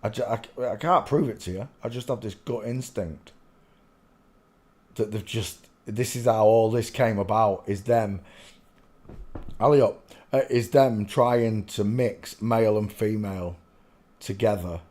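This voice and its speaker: A man's voice: on the low side, a little slow, a little mellow. A man hosting his channel, rambling through casual commentary in a swearing, easily giggling manner. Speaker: channel host.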